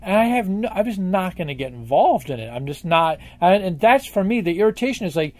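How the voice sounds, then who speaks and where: A man in a candid interview, talking in long, rambling stretches, with blunt profanity and a forceful edge. His voice sits a little higher than most men's. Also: big pitch swings, fairly quick. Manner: emphatic, profane, rambling storyteller.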